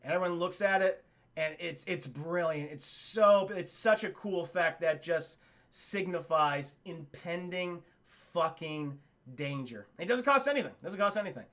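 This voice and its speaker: Brief: an excitable, foul-mouthed male reviewer talking to his live chat, with a bright, sharp voice. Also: high voice, moderate pace. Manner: excitable, profane, retells scenes with acted quotes. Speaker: film review streamer.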